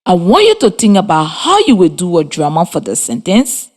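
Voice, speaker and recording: A woman teacher giving a scripted radio lesson to children, encouraging and clear, spelling words out letter by letter. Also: lowish voice, huge pitch swings, moderate pace, few pauses, darkish tone. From Liberia. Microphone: radio studio mic.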